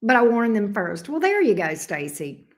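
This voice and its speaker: A woman's voice: mid-range voice, big pitch swings, moderate pace. A middle-aged woman hosting a livestream, chatting casually and bluntly with viewers and swearing freely. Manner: blunt, profane and sassy. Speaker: tarot reader and livestream host. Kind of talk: casual livestream chat reading viewer comments.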